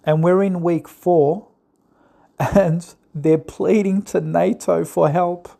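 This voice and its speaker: Guy ranting sarcastic political commentary, gravelly dark voice, keeps mocking people with silly impressions. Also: sits high, fairly even intonation, slow. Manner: sarcastic and mocking, mimics opponents in put-on voices.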